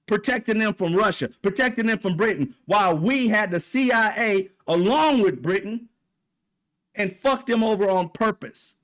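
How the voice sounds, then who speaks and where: A man's voice: high-pitched, animated, normal speed, fairly bright tone. A man hosting his own commentary channel, delivering a heated, profane political rant. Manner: profane, fired up, repetitive.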